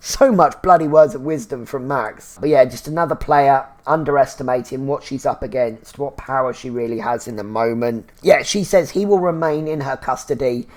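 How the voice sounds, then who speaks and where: A man hosting a casual episode review, chatty and full of fillers, with bursts of excited exclamation. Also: medium pitch, normal speed, hardly any pauses. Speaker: TV review show host.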